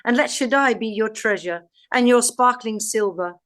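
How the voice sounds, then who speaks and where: An English woman with a slightly high voice reads scripture aloud for a podcast. Her delivery is measured and deliberate, each line given its own space. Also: a bit bright. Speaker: podcast co-host.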